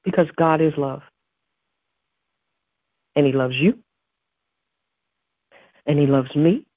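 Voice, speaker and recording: Earnest woman preaching on her podcast, kinda husky, dry tinny phone-ish sound. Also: low voice, slow, no echo. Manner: earnest, emphatic, quotes scripture. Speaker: podcast host. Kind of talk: devotional preaching.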